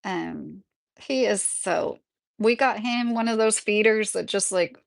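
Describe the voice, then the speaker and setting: Answering viewers in the chat, a woman rambles through stories on a casual live stream from her home in the country, chatty and heavy on fillers. She speaks slowly in a medium-pitched voice with vocal fry.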